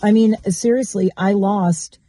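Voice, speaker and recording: A woman's voice: medium pitch, fairly even intonation, unhurried, dark tone. A woman from Michigan speaking in a reflective, rambling, candid way as she talks about her life in a personal vlog. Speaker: vlogger.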